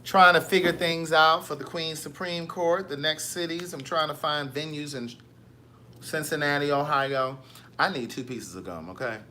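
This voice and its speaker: A man hosting a casual live stream, reading viewer comments with sassy, animated storytelling. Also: a little high, normal speed, slight background noise.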